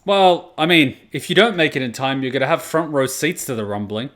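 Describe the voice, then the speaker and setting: A young man hosting an anime reaction video, chatting casually with plenty of swearing and sudden loud outbursts. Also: medium pitch, a little fast. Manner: profane, animated, breaks into loud outbursts.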